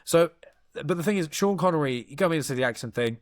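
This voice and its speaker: A man chatting casually about a film on a podcast, rushing between thoughts and swearing freely. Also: fairly high pitch, dry recording, clean studio sound. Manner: rapid, animated, swearing, jumps between thoughts. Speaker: podcast co-host. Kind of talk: casual film-review chat.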